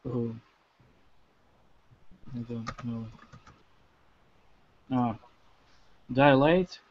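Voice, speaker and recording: Female learner, slow and hesitant, on muffled lo-fi call audio. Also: extremely low pitch. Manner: hesitant, unsure answers. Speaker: language student.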